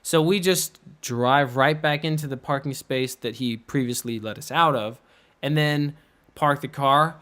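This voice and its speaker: A young man telling a rambling story on a podcast, animated, laughing and imitating people as he goes. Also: mid-range voice, a little slow. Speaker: podcast co-host. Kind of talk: casual storytelling.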